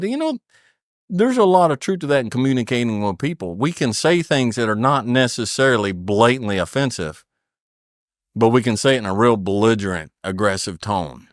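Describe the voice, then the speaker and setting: Speaking at normal speed with a medium-pitched voice and lively intonation, a middle-aged podcast guest talks about family and faith. His advice comes across earnest and preachy, with repeated phrases driving points home, and the recording is dry and studio-clean.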